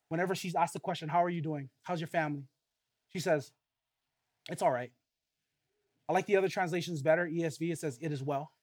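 A man preaching a sermon, earnest and full of rhetorical questions, swinging between loud emphatic stretches and quiet, low passages. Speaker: pastor.

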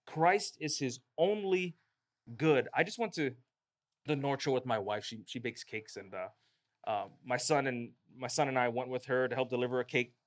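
A man's voice: medium pitch, a little fast. A man preaching a sermon as a pastor, emphatic and rising in emphasis on key lines.

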